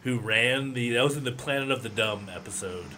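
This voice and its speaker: A man's voice: medium pitch, brisk, pushed and bright, a little hiss or hum. A man co-hosting a podcast in casual chat, rambling and laughing often. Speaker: podcast co-host.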